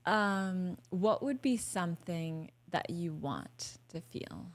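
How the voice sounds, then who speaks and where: Candid woman, casual and animated. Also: on the low side, slow. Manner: candid and animated, swears, acts out her own thoughts. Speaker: podcast guest, hypnotherapy practitioner. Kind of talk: casual podcast conversation.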